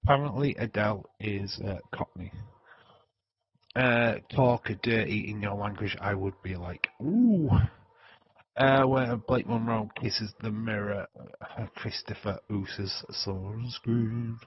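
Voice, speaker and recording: A man's voice: lowish voice, unhurried, slightly rough, no echo, highs cut off. A man with a Yorkshire accent hosting a casual, joking livestream and chatting to viewers with plenty of swearing. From Yorkshire, England. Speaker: wrestling stream host.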